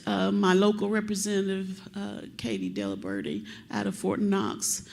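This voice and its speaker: A woman's voice: mid-range voice, lively intonation, a little slow, creaky, hardly any pauses. A woman from Kentucky, a family member of a missing soldier, speaking from the audience at a public meeting, tearful and rambling as she talks. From Kentucky, USA. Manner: chatty and rambling, self-described talker.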